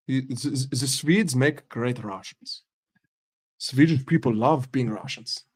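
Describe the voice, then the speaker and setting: A man hosting a live stream, chatting loosely with his viewers. He is animated and swears freely, and his voice sits at an ordinary middle pitch. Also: slow pace, breathy edge. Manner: animated, profane banter with chat. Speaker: livestream host. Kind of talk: casual live-stream chat.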